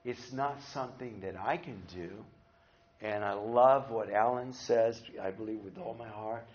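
Muffled audio carries a lowish male voice, a little slow, as he teaches a church class. He tells the story animatedly, voicing the characters and acting out what they said, sermon-style.

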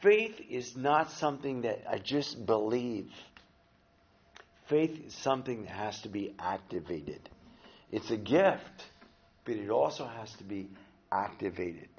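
A man teaching a church class tells a story with animation, acting out the people and their quotes in a storytelling sermon. His voice is lowish and unhurried, captured with lo-fi sound.

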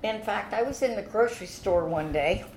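A woman telling a personal faith testimony as an animated story, with frequent restarts and repeated words. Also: mid-range voice, normal speed, reverberant, noisy background. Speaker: speaker giving a personal testimony.

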